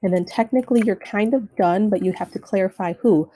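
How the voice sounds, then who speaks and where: A woman's voice: mid-range voice, a little fast, warm tone, slight background noise, low-quality recording. A woman teacher giving a recorded Spanish lesson, talking students through notes step by step and repeating keyboard shortcuts. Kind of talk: recorded screen-share lesson.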